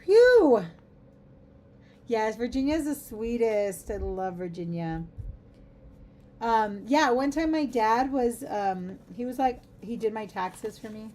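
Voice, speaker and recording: A middle-aged woman chats her way through a crafting livestream in a warm, mellow voice. She rambles easily from one aside to the next and giggles often. A faint hiss of noise sits behind her. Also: on the high side, expressive, unhurried. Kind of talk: casual chat while crafting.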